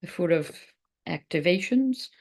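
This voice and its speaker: A woman's voice: fairly low pitch, animated, a little slow, darkish tone. A middle-aged woman giving a casual tarot reading, rambling and frank, swearing freely. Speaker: tarot reader. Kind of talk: casual spiritual reading chat.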